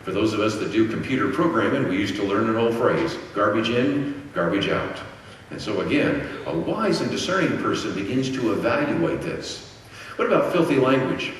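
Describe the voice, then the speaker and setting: A man's voice: on the low side, lively intonation, normal speed, a little hiss or hum. Middle-aged guy lecturing at a christian conference, asks questions then answers them, sounds far off the mic in a long echoey hall. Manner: teacherly, poses rhetorical questions and answers them. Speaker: conference speaker. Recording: very echoey hall, distant mic, faint ambience.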